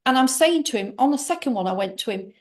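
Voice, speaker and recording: A middle-aged woman talks fast in a high, animated voice as she shares a personal story with an interviewer. Her telling rambles and is emphatic, full of restarts, as she speaks as the guest.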